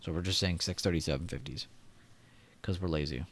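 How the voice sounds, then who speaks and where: A young livestream trading host speaks briskly in a low voice. He keeps things chatty, reading the chat aloud and laughing frequently.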